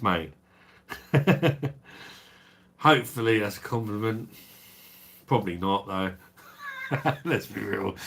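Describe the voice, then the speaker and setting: Low-voiced South East London bloke. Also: male voice, creaky, a bit bright. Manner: laid-back blokey banter with swearing and chuckles. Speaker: livestream host. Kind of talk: casual livestream chat reading viewer comments.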